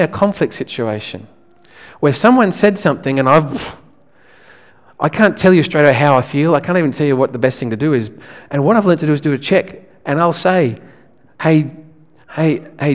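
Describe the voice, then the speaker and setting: A male pastor, preaching a sermon in a relaxed, conversational way, often restarting his phrases. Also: on the high side, fairly quick, long reverb tail.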